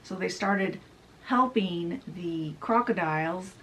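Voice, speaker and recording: A woman's voice: fairly low pitch, slow, rough recording. A woman hosting a book channel, summarizing a novel in a chatty retelling style full of casual asides.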